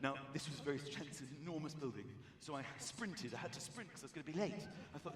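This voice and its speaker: A man performing stand-up comedy on a large theater stage, telling a story in an animated, excitable way into a handheld mic. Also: on the high side, quick pace, hardly any pauses, distant mic, crowd noise. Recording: echoey hall, audience noise.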